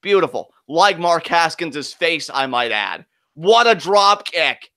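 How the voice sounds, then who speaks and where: Bright-voiced man ranting at wrestling. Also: on the high side, animated, slow pace, dry recording, clean studio sound. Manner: heated, profane, ranting fan commentary. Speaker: co-host of wrestling reaction show. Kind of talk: live wrestling reaction chat.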